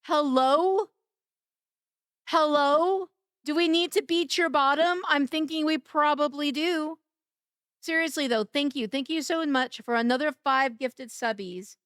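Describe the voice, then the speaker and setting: A woman's voice: high-pitched, moderate pace, fairly bright tone, no echo, clean studio sound. A woman streaming live, chatting casually with her viewers in a flirty, teasing, playful way. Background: music.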